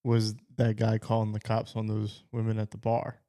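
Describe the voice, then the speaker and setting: A man's voice: fairly low pitch, monotone, normal speed, mellow. A man co-hosting a podcast, telling stories in a laid-back, wry way into a podcast mic while wearing headphones. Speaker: podcast co-host. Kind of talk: casual podcast chat.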